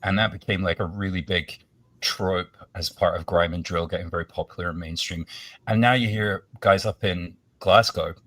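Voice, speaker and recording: A man with a very deep voice, chatting as a podcast guest in a relaxed, meandering way. He sits a little back from the microphone, so he sounds slightly distant. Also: normal speed, dry recording. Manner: relaxed, musing, full of fillers. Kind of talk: casual podcast chat.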